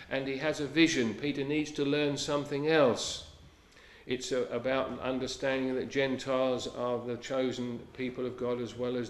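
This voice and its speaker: A man preaching a sermon in an earnest manner. He quotes scripture in old-fashioned English and drops to a hush on key lines. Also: mid-range voice, roomy sound, slight background noise.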